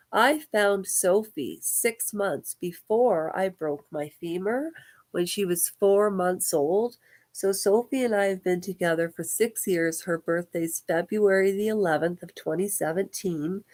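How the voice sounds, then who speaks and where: Here a woman from Ukraine, in her fifties, films a personal vlog at home on her houseboat, addressing the camera head-on. She's a vlogger with a medium-pitched, slightly mellow voice, and her slow, emotional delivery meanders between ideas.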